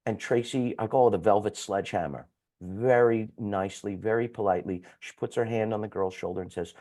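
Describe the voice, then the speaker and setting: A man speaking as a guest sales coach who talks fast, bluntly and with some swearing. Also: fairly low pitch, warm tone. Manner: fast-talking, blunt and profane.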